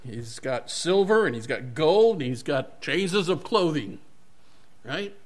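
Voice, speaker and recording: A man's voice: fairly high pitch, expressive, takes it slowly. A male pastor giving a sermon, retelling a Bible story animatedly and correcting himself as he goes.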